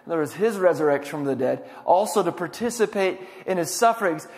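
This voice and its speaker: A male pastor preaching a sermon, swinging from loud emphatic lines to hushed ones. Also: high voice, animated, fast, in a large hall.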